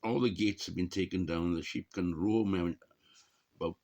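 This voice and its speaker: A middle-aged man chatting casually to camera in a rambling, jokey way, often clearing his throat. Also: deep voice, steady tone, normal speed, a little mellow. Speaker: vlogger.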